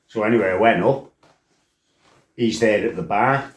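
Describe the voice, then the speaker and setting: A man's voice: on the low side, normal speed. A middle-aged man tells his own life story in a blunt, salty way, swearing freely and wandering into asides. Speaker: former fighter telling his life story. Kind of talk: casual storytelling monologue. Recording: roomy echo.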